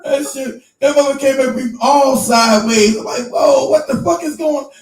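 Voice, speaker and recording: A man hosting a casual show, telling a story in an animated, profane way and acting out the voices of the people he quotes. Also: very high-pitched, normal speed, echoey room, far from the mic, rough recording. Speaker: show host.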